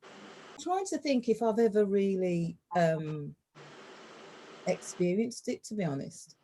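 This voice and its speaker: A woman's voice: medium pitch, expressive, slow pace, mellow, slight background noise. A woman in a casual group chat, speaking hesitantly and questioning herself as she answers. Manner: hesitant, self-questioning, laughs easily. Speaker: panel guest.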